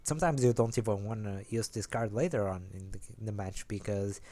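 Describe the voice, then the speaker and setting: Man, young, casual rambling explanation, self-correcting, low-pitched, warm dark tone. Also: a little fast. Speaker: host of a card game deck video.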